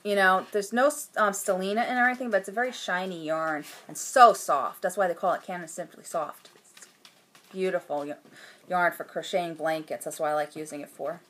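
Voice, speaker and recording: A woman's voice: fairly low pitch, fairly even intonation, a little fast, a bit bright. A woman hosting her own knitting podcast at home, chatting casually to the camera in a rambling way with lots of fillers and restarts. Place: at home, indoors.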